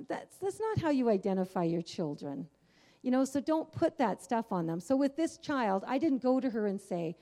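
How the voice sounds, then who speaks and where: A woman's voice: fairly high pitch, animated, normal speed, mellow. A woman giving a Christian teaching, telling her own story in an earnest, candid way with frequent fillers. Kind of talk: personal testimony in a faith teaching.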